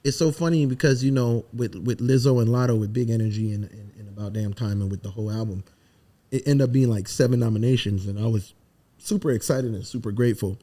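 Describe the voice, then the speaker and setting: A man from the Virgin Islands, a songwriter telling animated, emphatic stories and swearing freely in a casual podcast interview. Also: lowish voice, fast. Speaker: songwriter guest.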